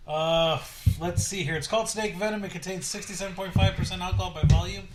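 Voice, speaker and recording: A man's voice: high voice, steady tone, quick pace, echoey room, very noisy. A man co-hosting a beer podcast, loosely presenting a fact of the day with easy laughs. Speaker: podcast co-host presenting facts. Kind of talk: casual beer review chat.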